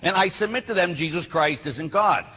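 A man, a Catholic priest, preaching a sermon and telling stories with lively acted-out voices. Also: a little high, normal speed. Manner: animated storyteller who acts out voices. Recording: hall reverb, faint background noise.

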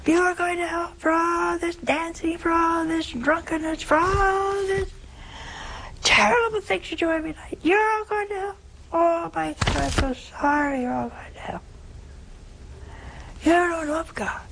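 Woman doing a shrill fiery old priest. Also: steady tone, a little slow, creaky, bright, forceful tone, slight background noise, heavily acted, rough recording. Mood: fiery scolding. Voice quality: very high-pitched. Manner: wailing, threatening damnation. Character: fiery high-voiced old male village priest.

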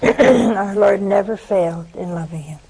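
A woman's voice: measured pace, gravelly, noisy background. An older woman with a Southern American accent preaching a sermon, telling a story and asking rhetorical questions. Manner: storytelling, rhetorical questions, pitch swings for emphasis.

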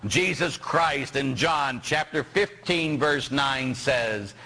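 A middle-aged man from Pittsburgh, a parish priest preaching a sermon, animated and joking as he quizzes his congregation. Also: mid-range voice, slow pace. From Pittsburgh, USA.

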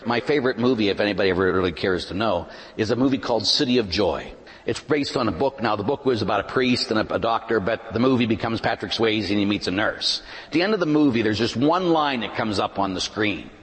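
A man preaching a sermon as a pastor, moving between loud, emphatic lines and hushed, quiet ones. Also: lowish voice, fast, in a large hall. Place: church.

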